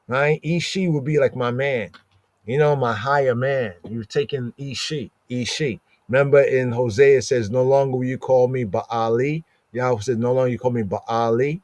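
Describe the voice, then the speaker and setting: A man giving a casual, lively scripture lesson, reading verses aloud and acting out the characters as he explains them. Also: mid-range voice, no echo. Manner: conversational, animated, reads verses and acts out the characters. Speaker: Torah study teacher.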